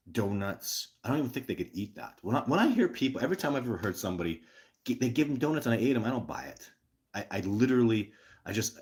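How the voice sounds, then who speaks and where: A man with a very low voice hosts a live stream and answers viewers' questions. He talks in an excitable, emphatic way, doubling back on words and restarting sentences. Now and then he punches out a single word loudly. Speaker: host of a live show.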